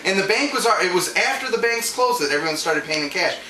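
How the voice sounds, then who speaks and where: A man's voice: high-pitched, animated, fast talker. A man ranting through a casual anecdote, profane and laughing as he talks. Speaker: storyteller. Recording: echoey room with background noise.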